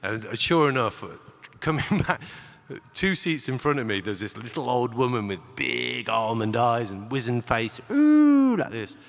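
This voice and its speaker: A man's voice: mid-range voice, normal speed, vocal fry, fairly bright tone. A man speaking on stage at a conference, telling a personal story in a chatty way with many restarts and acted-out quotes. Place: large conference hall. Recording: long reverb of a large hall.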